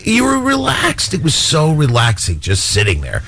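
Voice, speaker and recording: A man's voice: on the high side, wildly swooping pitch, moderate pace, a bit bright. An older man, a radio co-host, telling stories in casual chat.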